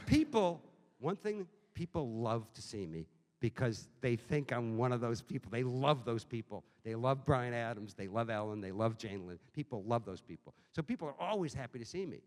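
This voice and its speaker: A middle-aged man from telling profane, animated comic anecdotes at a book event. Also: medium pitch, normal speed. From Boston. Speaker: author guest. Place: bookstore event hall. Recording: reverberant hall, live audience.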